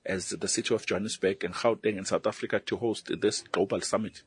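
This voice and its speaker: A man reporting for the news, asking brisk, direct interview questions. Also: on the low side, steady tone, slightly rough.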